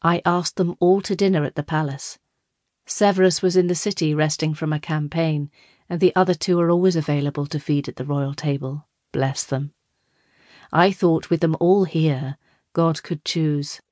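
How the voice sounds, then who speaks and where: An aging emperor musing aloud in an easy, conversational way, read by a woman. The voice sits low and sounds close and dry. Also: fairly even intonation, darkish tone, dry recording, close to an everyday voice. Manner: conversational, unhurried.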